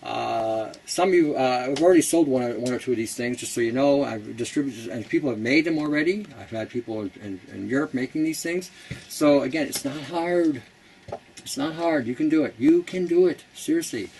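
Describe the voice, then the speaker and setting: A man's voice: mid-range voice, brisk, a little mellow, a little hiss or hum, poor audio. A man hosting a casual how-to talk, chatty and blunt, laughing at his own jokes. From Canada. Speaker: host.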